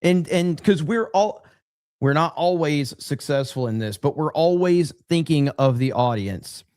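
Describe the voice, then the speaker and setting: In a dry, clean studio recording, a podcast host with a somewhat high voice takes his time while reacting to a video clip. His talk is casual and lively, sprinkled with laughter and interjections.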